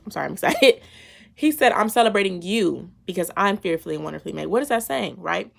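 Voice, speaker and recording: Lively, playful woman vlogger with a bright, gravelly voice. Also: mid-range voice, moderate pace, a little hiss or hum. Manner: lively, playful and slangy, often laughing. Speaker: faith vlogger. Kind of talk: casual devotional talk.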